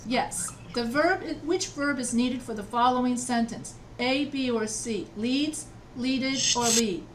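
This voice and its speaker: A woman writing instructor leads an online class with patient repetition, checking that everyone follows along. Her voice sits a little high and sounds far from the laptop mic. A faint hum runs under the video-call audio. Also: a little slow.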